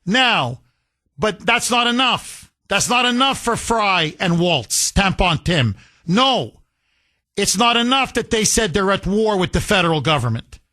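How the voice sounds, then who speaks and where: A man's voice: sits high, very animated, a little slow, sharp tone. A man hosting a political talk radio show, delivering a sarcastic, indignant monologue full of rhetorical questions and repetition. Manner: emphatic with repetition.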